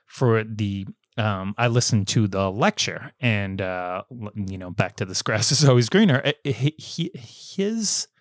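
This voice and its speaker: An American man guesting on an interview show, talking in animated bursts with frequent stammers and restarts. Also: fairly low pitch, measured pace, few pauses, no room sound, clean studio sound. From United States. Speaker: guest author. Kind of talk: casual interview chat.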